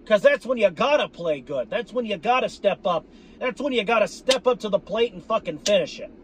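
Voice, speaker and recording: High-voiced man on a profane fan rant. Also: lively intonation, brisk, slight background noise. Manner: profane, repetitive, addresses viewers as folks. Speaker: sports fan vlogger. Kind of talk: ranting fan commentary.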